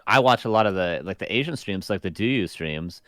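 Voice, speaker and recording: A man's voice: low-pitched, lively intonation, brisk, a bit bright, no echo, clean studio sound. A man co-hosting a casual podcast, talking in a laid-back way with wry asides and casual swearing. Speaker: podcast co-host.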